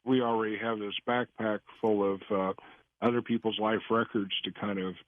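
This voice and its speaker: A man calling in as a guest on a radio show, answering in a measured, hesitant way with frequent filler pauses. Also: on the low side, flat delivery, dry recording, narrow, tinny audio. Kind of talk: interview answers.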